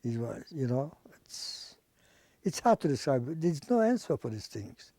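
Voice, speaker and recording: An older man giving oral history testimony in non-native English, halting and pausing to search for words. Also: medium pitch, big pitch swings, warm tone, dry recording. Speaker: Holocaust survivor giving testimony.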